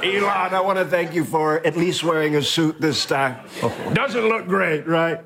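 Brash boastful older president. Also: male voice, on the high side, measured pace, creaky, noisy background. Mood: mocking. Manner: rambling, self-praising, sarcastic jabs. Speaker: comedy sketch actor. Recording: sketch-show clip with audience laughter.

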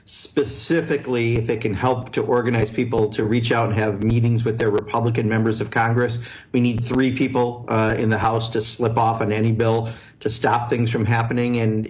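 A man's voice: medium pitch, low-quality recording. A man, a congressman, answering callers on a radio show in a blunt, earnest way with many fillers. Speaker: congressman guest.

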